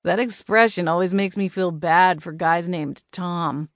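A woman's voice: on the low side, measured pace, no echo, studio quality. A woman reading the lines of an amused young male intruder in an audiobook, teasing and easygoing.

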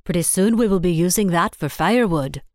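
A woman's voice: on the low side, animated, fairly quick, a little mellow, no echo, studio quality, natural voice. A woman reading the part of an impatient male agency boss who snaps and grumbles. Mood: irritated. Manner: snapping, grumbling.

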